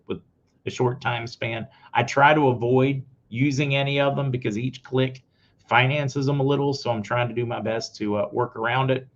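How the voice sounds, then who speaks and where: A man hosting his own news commentary show, giving blunt opinions straight to his viewers. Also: medium pitch. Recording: slightly dull lo-fi audio.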